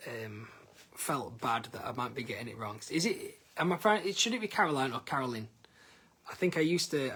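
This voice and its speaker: A man's voice: mid-range voice, fairly bright tone. Chatty singer-songwriter man live-streaming. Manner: chatty, reads out viewer names, hesitant with many ums. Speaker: singer-songwriter and livestream host. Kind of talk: casual chat with viewers on a live stream. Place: living room at home. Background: guitar.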